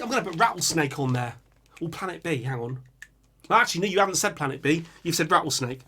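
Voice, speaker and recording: A man's voice: fairly high pitch, expressive, fast talker, pushed and bright, husky. A young man hosting a casual music reaction, humming and singing riffs as he muses aloud over viewer picks.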